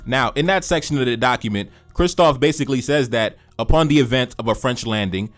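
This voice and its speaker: A man reading a historical document aloud, breaking off for animated, slangy asides and repeating phrases for emphasis. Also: medium pitch, fairly quick, soft background music. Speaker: history commentator.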